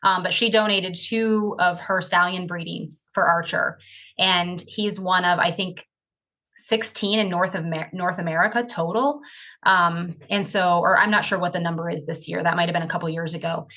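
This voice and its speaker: A woman chats as a podcast guest over a video call. She rambles through her stories with a bright, forceful edge. The sound is dull and lo-fi, like compressed call audio. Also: steady tone, normal speed. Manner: chatty, rambling, acts out quoted dialogue with big pitch jumps. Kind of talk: casual storytelling interview.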